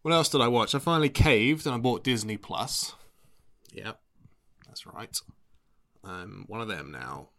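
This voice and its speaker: Laid-back man with a low voice. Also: unhurried, long pauses, fairly bright tone. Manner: rambling, laid-back, swears freely. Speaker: vlogger. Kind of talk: casual chat.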